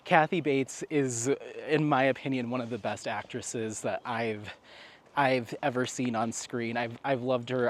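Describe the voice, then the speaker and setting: Male vlogger, mid-pitched, chatty and giggly, rambles with fillers. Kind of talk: casual chat to camera.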